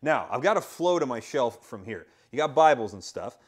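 A man's voice: medium pitch, very animated, normal speed, breathy edge. A man, a pastor, casually showing his book collection, rambling with fillers and enthusiastic asides. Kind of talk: casual show-and-tell of his bookshelf.

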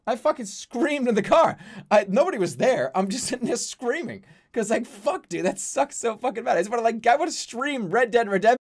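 A man's voice: very high voice, a little fast, few pauses. Exasperated swearing male streamer. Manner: exasperated, swearing, animated storytelling. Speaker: game streamer. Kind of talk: ranting live stream chat.

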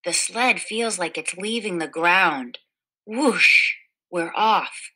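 A woman reading a children's picture book aloud in a gentle storytelling manner, livening up the quoted lines. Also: fairly low pitch, slow, rough recording. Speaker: storybook reader.

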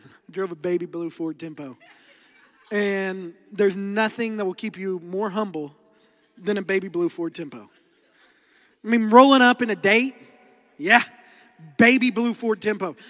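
A man in his thirties with an Oklahoman accent, preaching a sermon as a lively storyteller who acts out quotes and laughs often. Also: high voice. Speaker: pastor. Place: large church hall. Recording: long hall reverb.

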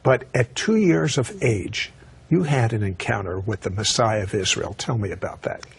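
A man's voice: lowish voice, moderate pace, gravelly. A man hosts an interview and prompts his guest with short, probing questions. Faint background noise sits under his voice. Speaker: host.

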